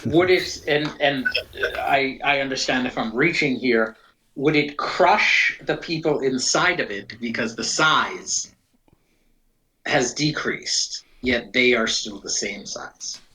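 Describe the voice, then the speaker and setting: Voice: medium pitch, slow pace, sharp tone, poor audio. A player in a tabletop role-playing game, chatting casually, checking rules and apologizing for slips.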